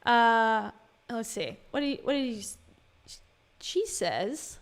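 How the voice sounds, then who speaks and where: Woman, casual livestream commentary, chatty, exasperated, slightly high-pitched. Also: animated, takes it slowly, pauses often. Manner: chatty, exasperated, reads chat aloud. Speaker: streamer commenting on a podcast.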